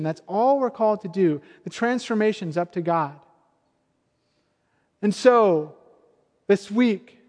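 High-voiced man preaching in a hall. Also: darkish tone. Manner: storytelling, conversational and earnest. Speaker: pastor. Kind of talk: sermon. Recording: long hall reverb.

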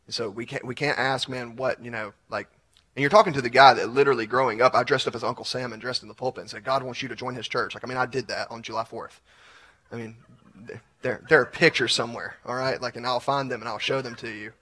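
A man's voice: medium pitch, fairly even intonation, fast talker, bright, forceful tone. A male community pastor, teaching in a casual, filler-heavy way and then leading prayer.

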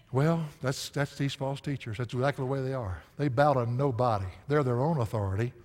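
A man, preaching a sermon as a pastor in a folksy storytelling manner with loud bursts of emphasis and frequent laughter. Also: mid-range voice, normal speed. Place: church sanctuary. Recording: echoey church hall reverb.

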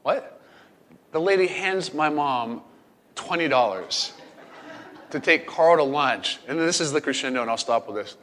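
A middle-aged man preaching a sermon as pastor, telling a family story in a playful, animated way. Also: fairly high pitch, unhurried, pauses often, slight background noise. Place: camp meeting hall. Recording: long hall reverb.

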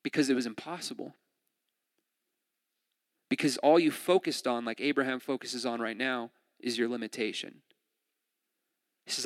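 A man's voice: medium pitch, fairly even intonation, normal speed, pauses often, no room sound. A young man preaching a casual, conversational sermon, joking and laughing often and restarting his sentences. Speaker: pastor.

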